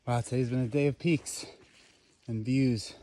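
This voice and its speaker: A man vlogging his long-distance hike in a casual, wry, deadpan way, talking outdoors on a forest trail. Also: medium pitch, a little slow. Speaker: long-distance hiker filming his trek. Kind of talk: casual hiking vlog narration.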